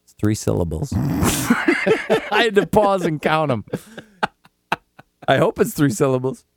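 A man's voice: a little high, big pitch swings, takes it slowly, creaky, no room sound. A man co-hosting a casual comedic chat, telling stories with swearing and mock voices. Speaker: podcast co-host.

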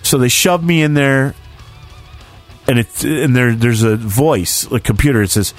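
A man telling a story in casual chat, animated and swearing freely, acting out what others said. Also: mid-range voice, measured pace, soft background music. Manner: animated, acts out quoted voices, swears freely.

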